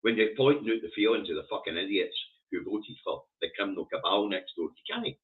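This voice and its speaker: A man's voice: on the low side, lively intonation, brisk, hardly any pauses. A Scottish man hosting a news review stream, reading headlines and ranting about them with scorn and heavy swearing. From Scotland. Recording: tinny phone-like audio.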